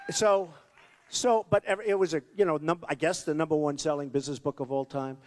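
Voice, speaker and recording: A man's voice: on the high side, steady tone, quick pace. A man in his sixties from New York, giving a rambling, boastful campaign rally speech full of repeated asides in a large hall. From New York, United States. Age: 60s. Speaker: political candidate.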